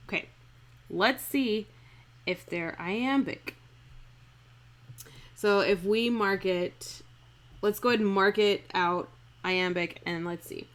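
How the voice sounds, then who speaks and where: An unhurried woman talks through a verse speech like a casual live-stream acting lesson. Her pitch sits in an ordinary middle range, and she stretches lines out word by word to feel the meter, with a chatty, irreverent edge. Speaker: acting coach streaming a script analysis.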